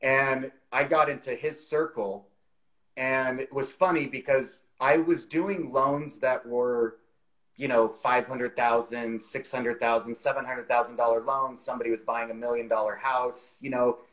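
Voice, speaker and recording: A man's voice: mid-range voice, steady tone, measured pace, a bit bright, rough recording. Chatty man telling a story on a video call. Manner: chatty, frequent "you know" fillers. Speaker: guest telling a career story.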